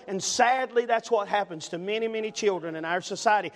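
Speaking a little fast with few pauses, an older man in a high voice preaches as pastor. He's emphatic, repeats himself, and keeps asking "amen?" The church sanctuary gives the recording long, large-hall reverb.

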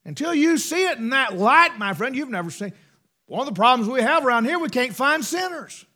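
A man preaching a sermon in a folksy, emphatic way, swinging between loud bursts and hushed asides. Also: very high voice, very animated, brisk.

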